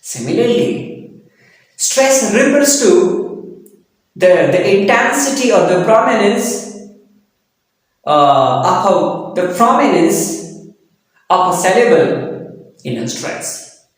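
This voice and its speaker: A man giving a recorded lecture, explaining slowly with frequent fillers. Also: high-pitched, expressive. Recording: very echoey long-reverb room.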